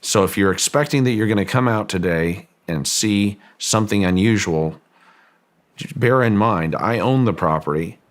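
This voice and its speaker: A man as an interview guest, recounting a story in a measured, deliberate way with frequent restarts. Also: low-pitched. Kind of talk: storytelling in a long-form interview.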